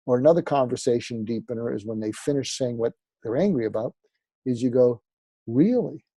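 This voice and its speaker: A man's voice: medium pitch, brisk, warm tone, slightly rough, no room sound. A man, a psychiatrist and author, explaining advice as an interview guest in a conversational way, often with fillers. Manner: conversational, acts out sample dialogue, frequent fillers.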